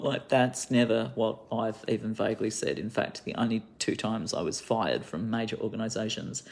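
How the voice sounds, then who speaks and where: A woman's voice: extremely low pitch, a little mellow. Australian woman, indignant monologue vlogger, emphatic and rambling. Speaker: activist vlogger. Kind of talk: monologue to camera.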